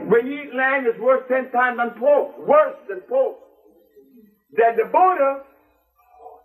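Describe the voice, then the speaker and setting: An older man with a high voice speaks passionately before a live audience, emphatic and repeating phrases for stress. The phone-quality recording comes from a distant mic, with faint music in the background.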